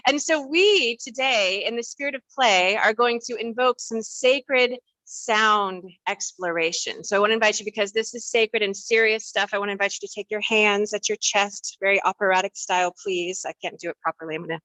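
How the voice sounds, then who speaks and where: A woman leading a congregation through playful breathing and voice warm-ups, laughing and coaxing them along. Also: medium pitch, normal speed, hardly any pauses, no echo. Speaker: worship leader.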